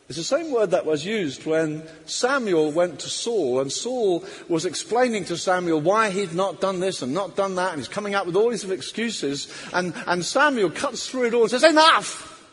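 A man's voice: high-pitched, lively intonation, normal speed, few pauses, slight background noise. A man preaching a sermon emphatically, acting out quoted voices. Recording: long hall reverb.

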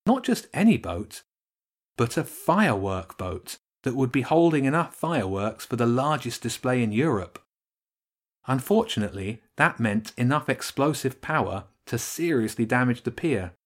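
A man narrating a children's storybook with expressive storytelling. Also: mid-range voice, moderate pace. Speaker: audiobook narrator. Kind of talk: scripted narration.

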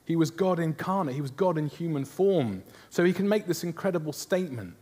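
A man's voice: on the high side, animated, fairly quick, warm tone, slightly rough. A man preaching a sermon, earnest, often asking his listeners questions. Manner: earnest, asks the congregation rhetorical questions.

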